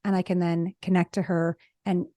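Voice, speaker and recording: A woman psychologist co-hosting a podcast, explaining ideas with lively examples. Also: on the low side, moderate pace, no room sound. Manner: energetic, explains with examples and acted-out quotes. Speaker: relationship psychologist, podcast co-host. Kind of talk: conversational podcast discussion.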